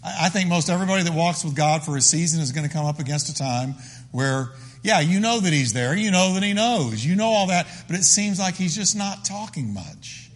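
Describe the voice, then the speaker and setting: A man's voice: a little high, lively intonation, brisk, big-room sound. A man preaching a sermon as the pastor, emphatic and full of repeated phrases.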